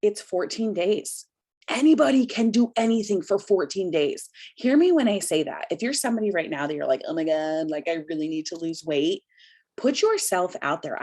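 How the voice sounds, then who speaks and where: A woman in her thirties rallies her team on a video call, emphatic and energetic. She keeps calling her listeners "you guys" and leans hard on her key points. The sound is a plain home-computer call. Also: medium pitch. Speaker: host of a business product call. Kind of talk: motivational pep talk on a video call.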